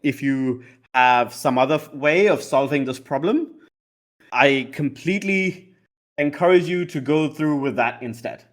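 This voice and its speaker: Casting note: haughty lawyer, formal and condescending, slightly high voice voiced by a man. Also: unhurried, close to an everyday voice. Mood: polite. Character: imperious smooth-talking male lawyer.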